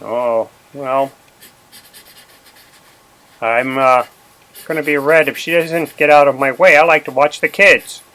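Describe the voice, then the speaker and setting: A man's voice: mid-range voice, fairly even intonation, slow, long pauses, sharp tone, rough recording. A man voicing a fussy male cartoon bird that stammers and grumbles politely. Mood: grumbling. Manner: stammering, polite, grumbling under his breath. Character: fussy male cartoon bird being drawn, easily annoyed.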